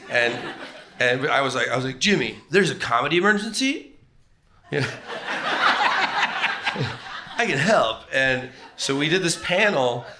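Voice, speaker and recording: A man's voice: medium pitch, measured pace, long pauses, background noise. A middle-aged man, a comedian guest, telling rambling, self-deprecating stories on a comedy club stage and putting on voices for quotes. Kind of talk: on-stage comedic storytelling interview.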